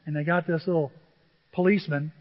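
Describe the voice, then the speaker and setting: A middle-aged man preaching a sermon, telling humorous stories with animated asides to the congregation. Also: on the high side, a little fast. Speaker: pastor. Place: church sanctuary. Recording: dull reverberant church recording.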